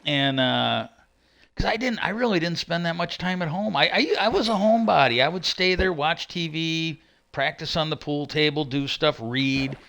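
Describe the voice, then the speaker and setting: Bright-voiced man ranting casually. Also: a little high, moderate pace, creaky. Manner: rambling, profane, repeats "I go". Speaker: streamer. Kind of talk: casual storytelling.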